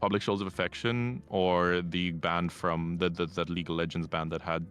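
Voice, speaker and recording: A low-pitched man with a bright, forceful tone tells stories with cocky, teasing swagger. He chats loosely on a streaming mic, with faint music underneath. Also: little pitch movement, moderate pace. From Ireland. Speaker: collab guest streamer. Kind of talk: casual chat.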